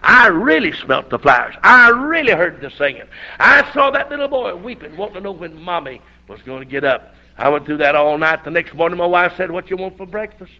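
On a dull lo-fi recording, a middle-aged man from the US South with a sore throat delivers a fervent, folksy revival sermon. His voice sits high with big swings in pitch, fairly quick, as his storytelling rises into shouting.

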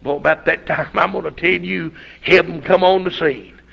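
Animated older preacher, gravelly. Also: male voice, fairly high pitch, normal speed, highs cut off. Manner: folksy, animated storytelling with shouted outbursts. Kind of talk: storytelling sermon.

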